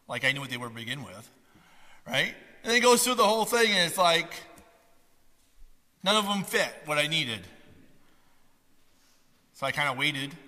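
A male pastor delivers an impassioned sermon in a high, piercingly bright voice. He swings from loud, lifted passages down to hushed near-whispers. His voice rings out with a long reverb, as in a church sanctuary. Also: very animated, moderate pace, long pauses.

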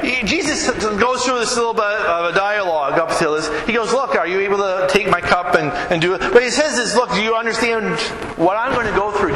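A high-voiced man preaches in a bright, forceful tone that carries through a big echoing hall. He keeps it conversational and keeps checking in with the listeners, with faint room noise around him. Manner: conversational, asks the listeners questions. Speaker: pastor. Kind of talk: sermon.

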